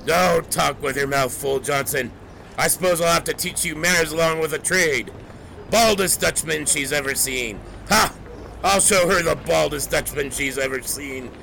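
A man's voice: a little high, gravelly, bright, forceful tone, slight background noise. A man playing a cheerful, blustering newspaper boss. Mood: blustery. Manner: boastful, brisk. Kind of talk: audio drama acting.

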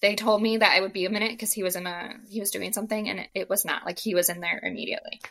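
A young woman telling her own story in a casual podcast interview, animated, acting out the dialogue and saying "like" a lot. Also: medium pitch, rapid-fire. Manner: animated, acts out quoted dialogue, frequent "like". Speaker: podcast guest.

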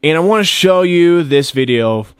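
A man's voice: on the high side, animated, moderate pace, smooth, no echo, clean studio sound. Emphatic man ranting his opinions. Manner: emphatic, repetitive, preachy. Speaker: political commentary host. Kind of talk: opinion monologue.

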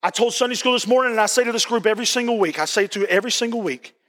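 High-voiced shouting preacher in a hall. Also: male voice, very fast. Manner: emphatic, repetitive, bursts into shouting. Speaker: pastor. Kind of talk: sermon.

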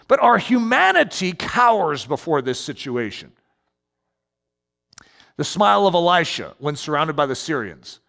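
A man preaching a sermon as pastor, animated, with sudden emphatic rises in his delivery. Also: high voice, gravelly. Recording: long hall reverb.

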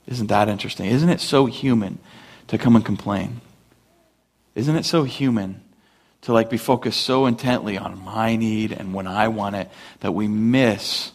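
A man preaching a sermon, animated, asking rhetorical questions and acting out the voices of complainers. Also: lowish voice. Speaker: pastor.

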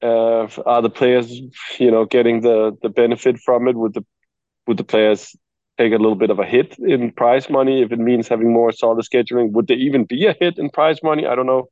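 A man's voice: mid-range voice, fairly even intonation, a little fast, darkish tone, no echo, muffled recording. A male tennis coach joining a panel and thinking aloud, with many restarts. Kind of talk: casual chat.

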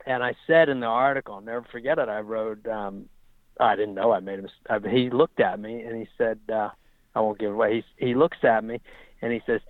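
Halting, animated male storyteller. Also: mid-range voice, no room sound. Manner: animated, halting, many restarts. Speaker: racing writer and guest. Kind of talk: casual storytelling interview. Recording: dull lo-fi dry recording.

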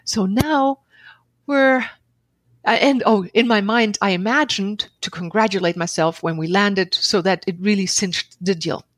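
A middle-aged woman tells a story as a podcast guest, at a middle pitch and in lively bursts, often laughing and acting out what she said to herself. She is recorded close and dry, with no room sound around her voice. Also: moderate pace, no echo. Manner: expressive, laughs often, acts out her own inner dialogue. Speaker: podcast guest, author and seminar leader. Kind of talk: animated storytelling in conversation.

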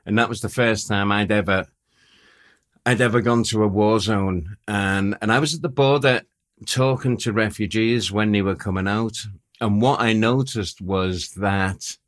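A man's voice: fairly low pitch, fairly even intonation, unhurried. A man, a war photographer telling stories in a casual chat, self-mocking and laughing often.

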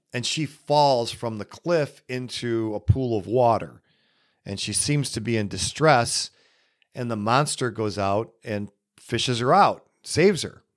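Man, podcast host, solo film talk, very slow pace, mid-pitched voice, pauses to think. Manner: unhurried, musing, many pauses. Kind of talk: casual solo film commentary.

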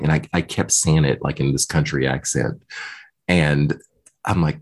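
A man with a very low, husky voice tells his own story in an interview. He talks casually and keeps quoting what others said to him. His tone is low and rough at the edges. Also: a little slow. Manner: animated retelling, voicing others in quotes. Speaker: guest.

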